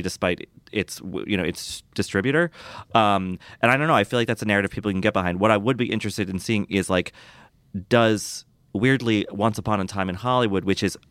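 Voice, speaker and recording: Low smooth guy talking awards season, dry close sound, chatty. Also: a bit bright, no room sound. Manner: thoughtful, building to emphatic riffs. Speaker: podcast co-host. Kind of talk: casual film discussion.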